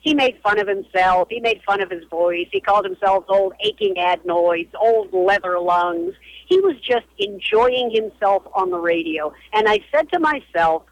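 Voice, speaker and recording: A woman's voice: mid-range voice, moderate pace, dry recording, low-quality recording. A woman in her sixties, a radio historian and author, telling stories emphatically as a guest calling into a radio show. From Boston area, US. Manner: animated, emphatic storyteller. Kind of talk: phone interview on a radio show.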